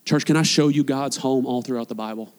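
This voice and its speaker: A man preaching a sermon as a pastor, passionate and swinging between loud appeals and hushed, quiet lines. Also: mid-range voice, brisk. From United States. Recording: long hall reverb.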